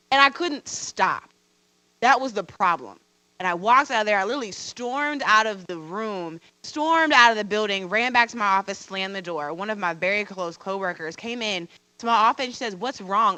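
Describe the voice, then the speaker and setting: Bright-voiced woman telling a candid story. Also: mid-range voice, no room sound. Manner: candid, storytelling with quoted dialogue. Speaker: panelist, veterinarian and teacher. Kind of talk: personal story on a panel. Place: campus event room.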